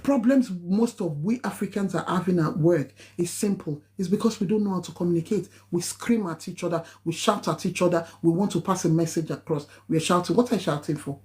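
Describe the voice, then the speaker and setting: A woman's voice: brisk, few pauses, darkish tone. Emphatic Nigerian woman lecturing. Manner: emphatic, preachy, rising to high exclamations. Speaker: nurse giving a live talk. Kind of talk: impassioned live-stream talk.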